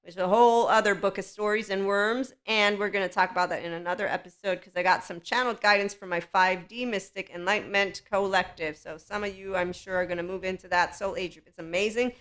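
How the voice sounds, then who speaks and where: Bright-voiced woman hosting a candid podcast. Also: mid-range voice, fairly even intonation, a little fast, hardly any pauses. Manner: candid, opinionated, laughs often. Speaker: podcast host. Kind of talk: solo spiritual podcast monologue.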